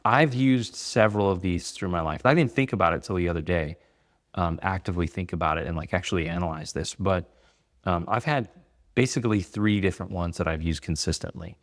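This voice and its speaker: A man and business owner giving casual advice to the camera, conversational and rambling, with many fillers. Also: low voice. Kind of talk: casual talking-head advice.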